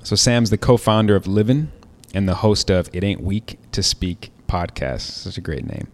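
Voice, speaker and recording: Deep-voiced upbeat male podcast host. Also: normal speed. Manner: upbeat, friendly, chatty, with frequent fillers. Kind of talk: casual podcast interview.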